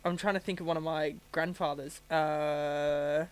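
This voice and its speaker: A man co-hosting a podcast in casual chat, teasing and trading quick jokes. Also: a little high, flat delivery, smooth.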